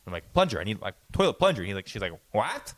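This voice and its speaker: A podcast co-host with a fairly low voice and big pitch swings tells a long, rambling story very fast, with no room sound. He stammers through many restarts and swears a lot.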